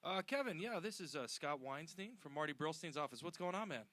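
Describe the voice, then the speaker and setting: A man playing a slick young agency assistant who smooths things over in a bright, fairly high voice. His office patter stays calm and placating, recorded dry. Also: a little fast, no echo. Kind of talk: prank call.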